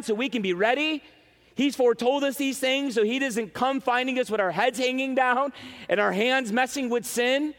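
A man preaching a sermon as pastor, emphatic and animated, speaking straight to his congregation. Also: very high voice, long reverb tail. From western New York.

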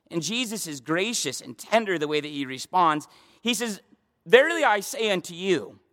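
A man preaches to his congregation, his voice sitting high for a man. He builds to emphatic, repeated questions, and his words hang in the long reverb of the church hall. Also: fairly bright tone. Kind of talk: sermon.

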